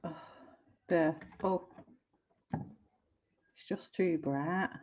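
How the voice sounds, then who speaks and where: A woman's voice: lowish voice, drawn-out words, a little mellow, lo-fi sound. A woman hosting a colouring live stream, chatting casually and giggling as she trips over product names.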